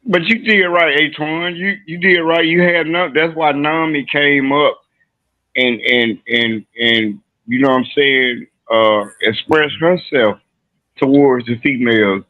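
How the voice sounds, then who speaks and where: A man's voice: fairly high pitch, a little slow, dry recording. Man on a tinny phone line. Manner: rambling, repeats "you know what I'm saying". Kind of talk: casual live-stream talk.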